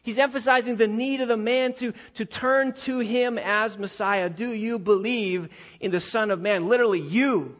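A pastor delivering a sermon in a church, emphatic and repeating key phrases, slowing down to stress his points. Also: high-pitched, a bit bright. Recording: dull lo-fi recording.

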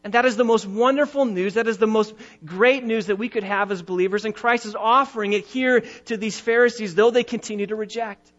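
A pastor delivers an emphatic sermon in a high-pitched, fairly bright male voice, with the highs cut off. He draws out and stresses his key phrases, slowing down and rising in pitch on the important words.

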